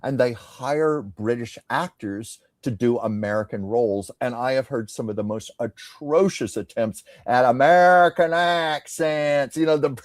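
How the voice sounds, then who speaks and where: A man's voice: medium pitch, a little slow, hardly any pauses, no room sound, studio quality. A man hosting a casual tarot reading chat, conversational and musing. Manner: conversational, musing, drops to soft tones. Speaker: psychic tarot reader, host.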